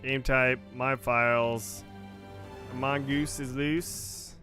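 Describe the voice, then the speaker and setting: A gaming streamer talks very slowly and flatly in a bright, forceful mid-range voice. He hosts a casual livestream, rambling with lots of fillers and chatting to viewers over faint game music as he plays.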